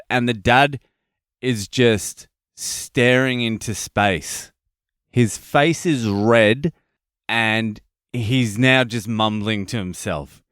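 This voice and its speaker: Profane, animated Australian storyteller. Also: male voice, mid-range voice, takes it slowly, clean tone, no room sound, clean studio sound. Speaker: podcast host, comedian. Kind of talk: casual comedic storytelling monologue.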